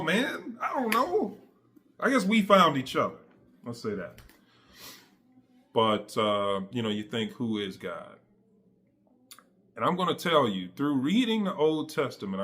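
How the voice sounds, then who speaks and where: A man's voice: mid-range voice, sharp tone. A man giving a casual, slangy faith testimony straight to his audience, emphatic and conversational. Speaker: faith vlogger.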